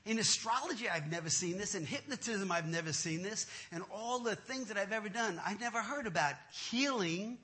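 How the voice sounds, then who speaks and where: A man telling a comic personal testimony in an animated, self-mocking way, often laughing at himself. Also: sits high, a little fast, few pauses.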